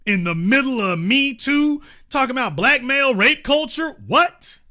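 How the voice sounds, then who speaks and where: A man hosting a commentary show, delivering an animated monologue in a blunt, emphatic, repetitive way. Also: very high-pitched, normal speed, few pauses.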